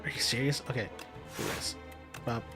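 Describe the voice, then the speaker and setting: A man's voice: medium pitch, steady tone, normal speed, music in the background. A man casually commenting on his own card game as he plays, talking himself through each move, muttering and laughing at setbacks. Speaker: gaming commentator. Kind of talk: casual let's-play commentary.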